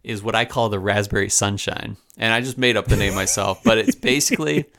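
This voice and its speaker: A man co-hosting a podcast, talking in a relaxed, jokey way with hesitant fillers. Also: on the low side, fairly quick. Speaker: podcast co-host. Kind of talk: casual chat.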